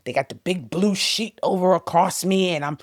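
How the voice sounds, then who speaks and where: A woman as an interview guest, telling a personal testimony with emotion, her voice swinging between loud and hushed. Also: fairly low pitch, moderate pace, no room sound, studio quality.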